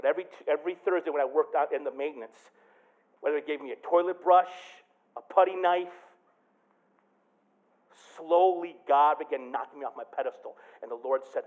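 A man preaching a sermon as pastor, telling a story with big swings from quiet to loud. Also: on the high side, brisk, phone-quality sound. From Michigan.

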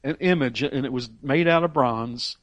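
A man's voice: mid-range voice, normal speed, no room sound, muffled recording. A man preaching a sermon with emphatic rises on key phrases and frequent repeated words as he restarts. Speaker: pastor.

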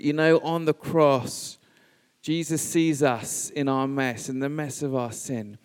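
A man delivering a sermon in slow, weighted phrases that he lets hang. His voice is smooth and resonant, with a long reverb trailing off it in a large church hall. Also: fairly high pitch, darkish tone. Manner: measured, emphatic phrasing with pauses. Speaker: preacher.

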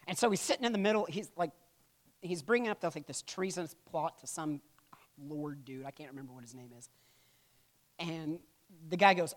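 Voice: mid-range voice, a little fast. Chatty lecturer who keeps asking "right?". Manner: conversational, constantly checks in with "right?"; humorous asides. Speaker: church history teacher. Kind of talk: classroom lecture.

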